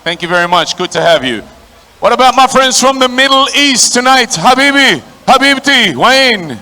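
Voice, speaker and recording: A man's voice: very animated, moderate pace, pushed and bright. A man working as a ring announcer at a boxing stadium, calling out to the crowd and introducing the fighters. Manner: booming, crowd-working, calls out to the audience.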